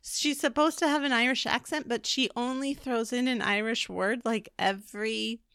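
A woman's voice: on the high side, steady tone, moderate pace, fairly bright tone, clear, resonant tone, dry recording, studio quality. A woman co-hosting a podcast in casual chat, telling a rambling story, laughing and correcting herself. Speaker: podcast co-host.

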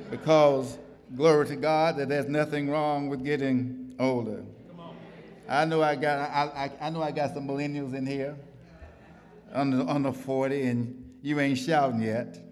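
A man's voice: mid-range voice, steady tone, measured pace, a little mellow, big-room sound. A middle-aged man preaching a sermon to a church congregation, building rhythmic repetitions and calling for responses. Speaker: pastor.

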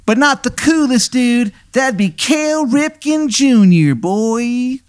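A man voicing a disembodied male spirit with an exaggerated Maryland accent, high-pitched and drawling. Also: expressive, slow, dry recording, studio quality, heavily acted. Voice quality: high, drawling, calls everyone hun. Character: disembodied male voice with a thick Baltimore drawl, beer-swilling.

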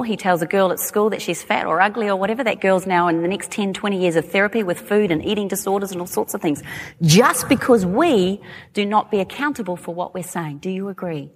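A woman's voice: medium pitch, brisk. Chatty Australian woman in a hall. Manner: chatty, animated, laughing asides. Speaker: speaker. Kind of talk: talk to a live audience. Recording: long hall reverb.

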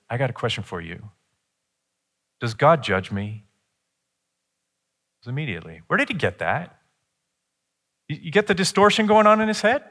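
Earnest preacher man teaching a sermon. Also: a bit bright. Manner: earnest teaching tone, rises in pitch and force when pressing a point.

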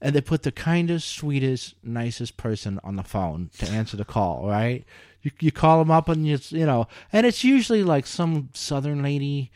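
A man's voice: medium pitch, normal speed, no room sound, clean studio sound. A man in casual chat, telling stories animatedly and swearing freely. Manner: animated storyteller, acts out quoted voices, swears freely.

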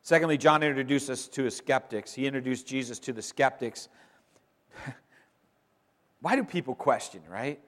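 A man preaching a sermon, emphatic, moving between loud declarations and quiet, conversational asides. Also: mid-range voice, a little slow, long pauses. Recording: long reverb of a large hall.

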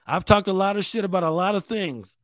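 A man's voice: high voice, brisk, no room sound. A man from New York State hosting a show, talking in a rambling, profane, self-mocking casual monologue. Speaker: podcast host.

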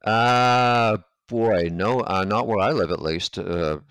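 A man's voice: lowish voice, takes it slowly, fairly bright tone, clean tone. A man from Canada hosting an interview, asking long hypothetical questions with some hesitation. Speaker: interview host. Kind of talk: casual interview chat.

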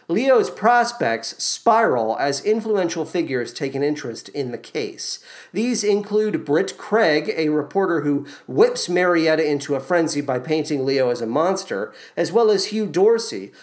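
A man hosting a podcast, reading a scripted musical theatre recap in a playful way with quick asides. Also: fairly high pitch. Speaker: podcast host.

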